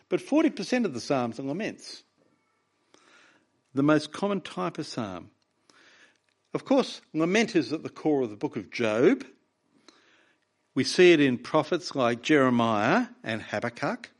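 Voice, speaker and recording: A man preaching a sermon, reading scripture with raw emotion between plainly explained points. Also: medium pitch.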